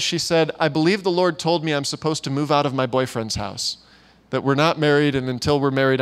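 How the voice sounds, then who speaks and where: A man preaching to a church gathering, telling a story in a lively way and acting out the voices of the people in it. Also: fairly high pitch. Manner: animated storyteller who acts out quoted voices and laughs often. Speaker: pastor. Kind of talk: sermon storytelling. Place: church meeting room.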